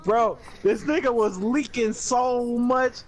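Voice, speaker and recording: A young man telling a story in a casual, animated way, full of slang and swearing and laughing often. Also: extremely high pitch, slow.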